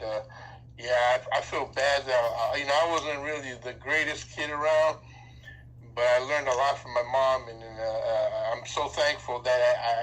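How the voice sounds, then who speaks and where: A man's voice: medium pitch, a bit bright, poor audio. An older man from Seattle, a radio DJ guest telling reflective stories in a casual interview and laughing easily.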